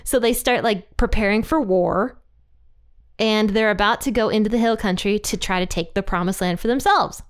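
At a normal speed, a woman teaching the Bible runs a laid-back, conversational study session. She laughs a lot and voices quoted lines playfully, her tone smooth and clean at a typical middle pitch for a woman.

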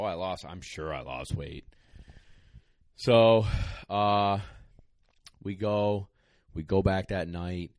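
A man's voice: sits low, no room sound. A young man, a dog trainer, casually telling a podcast story in a rambling, emotional way with lots of fillers. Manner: rambling, excited, many fillers.

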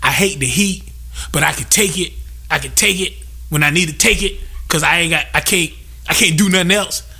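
A man's voice: on the high side, a little fast, vocal fry, pushed and bright, husky. A young man hosting a podcast, venting casually with loose, profane talk and lots of repetition for emphasis. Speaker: podcast host.

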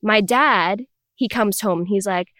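A young woman speaks in a mid-range voice, telling a personal story in conversation. She tells it animatedly and quickly slips into imitations of the people she quotes. The sound is dry and close. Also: mid-range voice, no echo. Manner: animated, acts out her parents' voices in quotes. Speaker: podcast guest.

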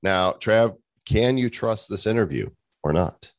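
A man with a very low voice hosting a podcast, cracking jokes and keeping the banter playful. He sounds dry and close-miked. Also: expressive, measured pace, no room sound. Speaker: podcast host. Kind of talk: casual podcast chat.

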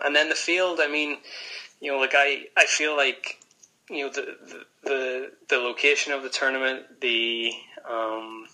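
Northern Irish male guest, young adult, crisp bright tone, level even pitch, loose conversational pacing. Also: rough recording. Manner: relaxed, chatty, many restarts and fillers. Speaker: pro golfer guest. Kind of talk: casual podcast interview.

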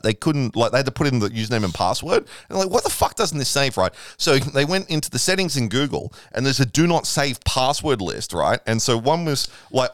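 A man's voice: mid-range voice, a bit bright, dry recording, studio quality. A man telling a wild family story in casual podcast chat, swearing often and laughing through it.

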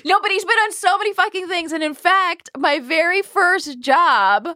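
A woman hosting a comedy podcast in casual chat, animated, laughing often and swearing freely. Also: very high-pitched, normal speed, no echo, studio quality. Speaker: podcast host.

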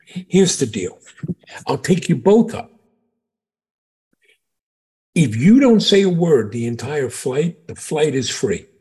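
A man's voice: fairly high pitch, big pitch swings, takes it slowly, pauses often, a little mellow, breathy edge, in a large hall, exaggerated voice. A man playing a scheming helicopter pilot. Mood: teasing. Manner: playful storytelling delivery. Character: calculating male helicopter pilot in a joke.

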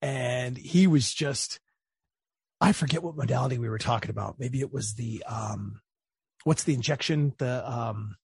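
A man hosting a podcast interview. He tells stories in a casual, animated, chatty way. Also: medium pitch, normal speed, creaky, breathy edge, dry recording, clean studio sound. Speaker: podcast host.

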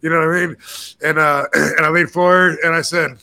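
A man's voice: a little high, brisk. A man in his fifties, hosting a podcast, telling a rambling story in casual chat and acting out the voices and curses of the people in it. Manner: animated, acts out quoted dialogue with cursing. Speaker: podcast host.

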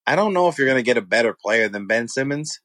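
A man co-hosting a casual sports talk show, excitable and quick to jump in. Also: no echo. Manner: excitable, swings up in pitch. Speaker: podcast co-host.

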